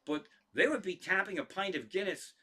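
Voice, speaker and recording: A man with a bright, edgy voice pitched a little high tells loose stories to his stream audience. He swears freely and keeps stumbling back into his sentences. It is casual comic storytelling. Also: expressive, brisk, breathy edge. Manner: rambling, profane, frequent restarts. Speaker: stand-up comedian hosting a tribute stream.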